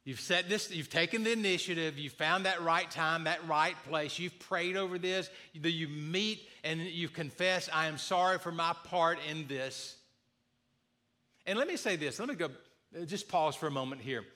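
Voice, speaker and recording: Bright-voiced male preacher, earnest. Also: fairly high pitch, moderate pace. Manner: earnest, repeats key phrases, acts out sample apologies. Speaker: pastor. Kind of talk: sermon.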